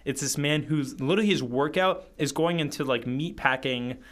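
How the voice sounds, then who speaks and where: A man's voice: medium pitch, normal speed, a bit bright. A young man co-hosting a casual chat, rambling with lots of fillers. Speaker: podcast co-host. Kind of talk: casual movie-list chat.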